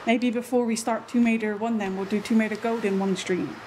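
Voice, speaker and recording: A woman, chatting casually and excitably while streaming a game. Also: on the high side, brisk. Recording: noisy background.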